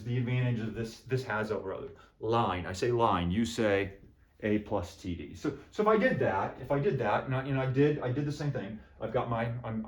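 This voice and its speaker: A man gives a math lecture in a room with a lot of echo. He repeats himself often, mutters as he writes, and makes playful asides to his students. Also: medium pitch. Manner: repeats phrases, jokes with students, talks to himself while writing. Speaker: math professor. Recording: roomy echo.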